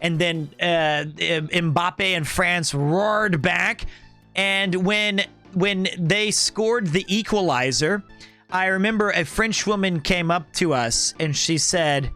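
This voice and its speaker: A young man hosting a stream, telling a rambling, joking story in a casual, animated way. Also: sits high, slow, faint music behind. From United States. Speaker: streamer host.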